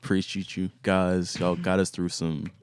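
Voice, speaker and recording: A man as a podcast guest in casual chat, relaxed and emphatic, laughing along. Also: low voice, normal speed, clean tone, no echo.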